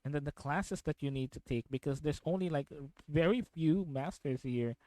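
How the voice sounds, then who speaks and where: A man's voice: fairly high pitch, normal speed, a little mellow, no room sound, poor audio. A young man from the Philippines streaming from home, chatting casually and rambling as he reacts to videos, repeating himself and laughing often.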